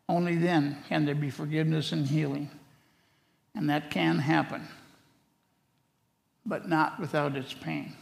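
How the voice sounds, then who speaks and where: Bible teacher, male, gravelly and even-toned, long hall reverb. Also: fairly high pitch. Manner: deliberate, reads scripture aloud.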